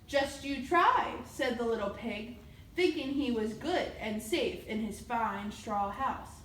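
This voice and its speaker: A woman on the library staff reading a fairy tale aloud in a lively, expressive storybook manner. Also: a little high, takes it slowly, echoey room, a little hiss or hum, low-quality recording.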